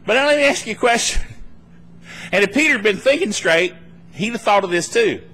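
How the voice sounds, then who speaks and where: A male pastor delivering a live sermon at a church meeting. His voice sits high and sounds bright and forceful. He swings his pitch widely as he acts out anxious voices and laughs between his points. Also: fairly quick. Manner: animated preaching, laughing between points, acting out worried voices.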